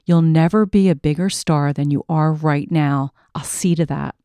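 A woman's voice: deep voice, moderate pace, warm tone, smooth, no room sound. A woman reading the lines of a contemptuous male film studio boss, curt and cold.

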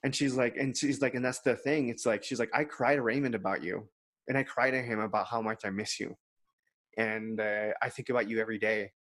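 A man of ordinary pitch, talking casually on a podcast. He tells a personal story candidly and quotes others in his own voice. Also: steady tone, brisk, fairly bright tone. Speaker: podcast co-host. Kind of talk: casual chat.

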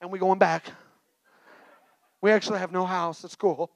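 High-voiced, gravelly pastor preaching. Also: male voice, normal speed, no room sound, poor audio. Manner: energetic, call-and-response exhortations. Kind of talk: sermon with personal story. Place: church.

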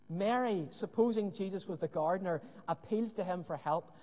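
A man preaching a sermon with earnest emphasis and dramatic pauses, often dropping to a hushed voice. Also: high voice. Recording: long hall reverb.

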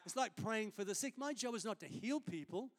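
A man's voice: sits high, lively intonation, a little fast. A man, a senior pastor preaching a sermon in a conversational, storytelling way during a church service.

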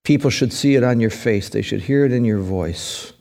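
A man's voice: mid-range voice, moderate pace, creaky, dark tone. A middle-aged male pastor preaching a sermon, emphatic, with his voice swinging up and down for emphasis.

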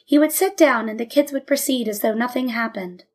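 Female narrator, calm and even, slightly high voice, storybook reading. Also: normal speed.

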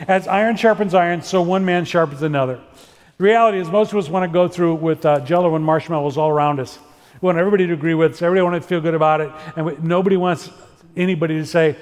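A middle-aged man preaching in an earnest, animated way, acting out quoted dialogue as he tells stories. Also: a little high, quick pace. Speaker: pastor. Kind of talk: sermon-style talk with storytelling. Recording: long reverb of a large room.

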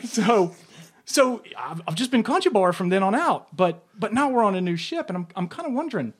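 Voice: medium pitch, sing-song, a little fast, husky, pitched above the performer's own voice. A tabletop player voicing a meek young sailor with a put-on Gaelic brogue, stammering and pleading. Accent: put-on Gaelic-style Irish brogue. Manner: stammering, pleading, repeats words. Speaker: player voicing a ship's rigger.

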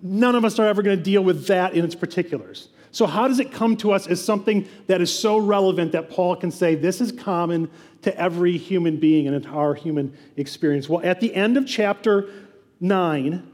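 A man's voice: sits high, fairly quick, darkish tone, long reverb tail. A man preaching a sermon as pastor, conversational, with asides and frequent restarts.

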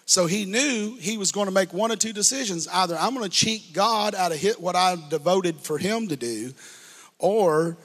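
A man delivers a sermon with rising fervor and direct appeals to the congregation. His voice sits high and has a husky edge. The sound carries a long hall reverb. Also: moderate pace, fairly bright tone. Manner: preaching with rising fervor, call-and-response asides. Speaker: pastor.

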